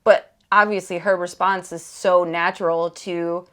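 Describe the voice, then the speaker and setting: Woman podcast host, earnest and candid, somewhat low pitch, conversational with restarts. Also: flat delivery, measured pace, a bit bright. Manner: grows emphatic and exasperated in places. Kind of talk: personal podcast talk.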